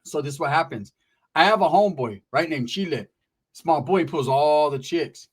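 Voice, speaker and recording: A young man from California telling a profane comic story, animated and acting out voices. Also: on the high side, moderate pace, breathy edge. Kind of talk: comedic storytelling.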